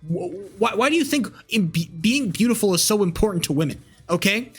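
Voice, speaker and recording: A man's voice: high-pitched, animated, brisk, breathy edge, faint music behind. A young man streaming live, rambling casually with crude language and lots of fillers and restarts.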